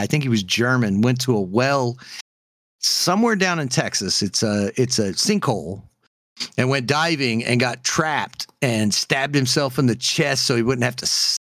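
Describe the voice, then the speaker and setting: Man co-hosting a podcast, lively pitch, bright voice, dry close sound, joking and laughing a lot. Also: no echo. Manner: laughs often, animated and joking. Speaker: podcast co-host. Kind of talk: casual chat.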